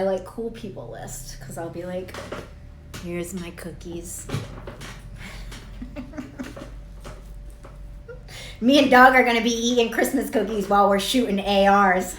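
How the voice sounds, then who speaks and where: A woman's voice: medium pitch, a little hiss or hum. Blunt, profane woman coach in an echoey room. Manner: profane, blunt and rambling, laughs at herself. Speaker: spiritual coach. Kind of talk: casual direct-to-camera monologue.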